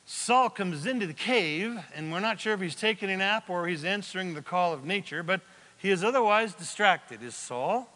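Animated, high-voiced male pastor. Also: moderate pace. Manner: animated storytelling with joking asides. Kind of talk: sermon. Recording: long hall reverb.

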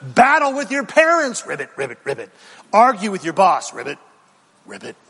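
A man putting on a taunting male frog-like demon spirit that croaks between goading urges. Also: fairly high pitch, very animated, a little fast, a bit bright, in a large hall, heavily acted.

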